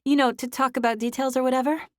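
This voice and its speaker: Woman doing a young woman on the phone in an audiobook: high, quavering, breathless with relief. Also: steady tone, fast talker, no room sound, studio quality, natural voice. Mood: elated. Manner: high-pitched, shaky, breathless. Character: young woman, tearful and overjoyed. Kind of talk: audiobook character voice.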